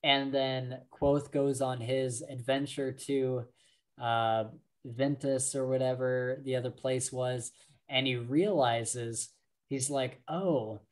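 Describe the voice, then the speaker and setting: A man co-hosting a book podcast in a loose, casual chat. He speaks slowly and unhurriedly at a mid pitch, leaning on fillers and breaking into laughs often. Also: level tone. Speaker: podcast co-host.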